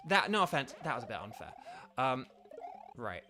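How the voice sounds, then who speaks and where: A man's voice: medium pitch, very animated, moderate pace. An English man chatting casually while streaming a video game, polite and self-deprecating, rambling with lots of fillers. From England. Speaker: streamer and voice actor. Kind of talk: casual gaming stream chat. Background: faint game music.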